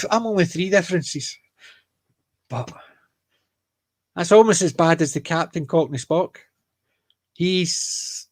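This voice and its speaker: Speaking with a fairly high pitch and no room sound, a man from Scotland with a Glaswegian accent co-hosts a laid-back chat. He jokes and rambles, often restarting what he's saying to correct himself.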